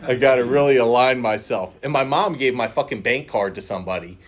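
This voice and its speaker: Profane animated man telling his story. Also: mid-range voice, a little fast. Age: 40s. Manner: laughs often while telling. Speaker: recovery meeting speaker. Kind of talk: personal share at a recovery meeting.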